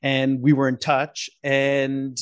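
Guy on a podcast rambling thru a story, lots of uh and restarts, mid pitch voice. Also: slow, smooth, no room sound. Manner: rambling, full of restarts and fillers, lively impressions. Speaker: podcast guest, photographer. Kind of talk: casual interview storytelling.

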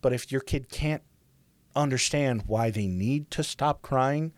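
A young man telling a story in casual chat, profane and animated, full of fillers. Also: medium pitch, unhurried, dry recording.

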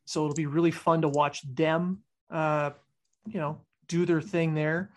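A man's voice: on the high side, level tone, measured pace. A man from Canada co-hosting a casual sports chat, blunt and casually swearing. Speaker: podcast co-host.

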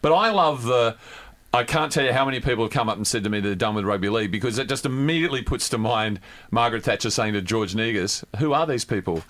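A co-host who talks quickly with dry wit. His voice sits at a middling pitch and stays conversational. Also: a bit bright. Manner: dry, witty asides. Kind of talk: casual chat.

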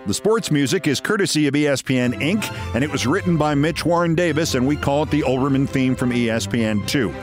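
A man's voice: brisk, hardly any pauses, faint music behind. A middle-aged male podcast host reading a story aloud in a studio, with dramatic swings in his delivery. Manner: vivid storyteller, swings his pitch for shouted quotes. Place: broadcast studio.

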